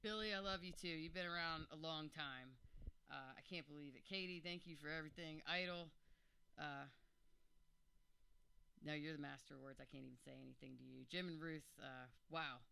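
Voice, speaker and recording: A man's voice: fairly high pitch, moderate pace, creaky, pushed and bright, clean tone. A man in his forties, overwhelmed and joking, rambling through thank-yous to friends at his birthday roast. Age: 40s. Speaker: birthday roast guest of honor.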